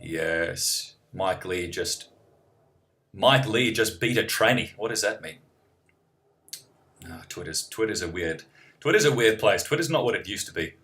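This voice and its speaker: A man's voice: sits low, lively intonation, measured pace, pauses often, bright, forceful tone. A young man from New Zealand, rambling and wry, chatting casually while reading out viewer questions on a live stream. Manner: rambling, self-interrupting, wry.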